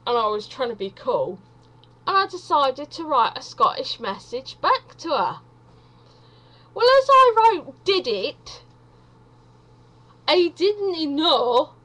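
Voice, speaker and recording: Slow-talking chatty woman, rambling stand-up. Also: sits high, bright, forceful tone, poor audio. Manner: chatty, self-deprecating, wandering asides. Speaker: vlogger doing stand-up.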